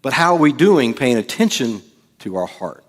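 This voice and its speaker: In church, a pastor with a mid-range voice preaches a sermon at a normal speed, his pitch swinging widely. He keeps it casual and jokey, acting out the quotes as he goes.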